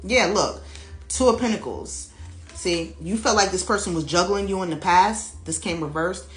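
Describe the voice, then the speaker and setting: A woman reading tarot cards for her viewers in a casual, animated, chatty way, laughing often and speaking straight to them. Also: on the low side, normal speed. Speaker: tarot reader. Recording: echoey room with faint music behind.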